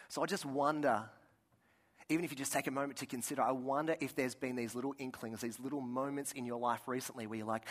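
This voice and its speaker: A man's voice: mid-range voice, steady tone, fast. A man preaching a sermon, telling personal stories in an earnest way with frequent restarts and asides. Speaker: pastor.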